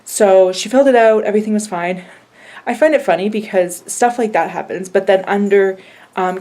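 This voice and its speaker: A woman's voice: medium pitch, a little mellow. A woman in her thirties giving a casual vlog update, chatty and retelling conversations in quoted back-and-forth. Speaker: vlogger.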